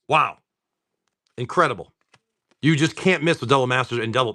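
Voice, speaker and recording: A man's voice: mid-range voice, very animated, brisk, a bit bright. A man hosting a casual livestream, opening card packs, often swearing and exclaiming over the pulls.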